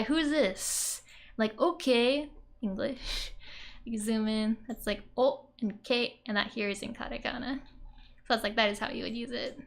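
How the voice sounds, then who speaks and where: A woman's voice: fairly high pitch, a bit bright. A woman explaining Japanese grammar in a casual lesson, chatty and giggly, with many "like" and "um" fillers. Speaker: Japanese language teacher.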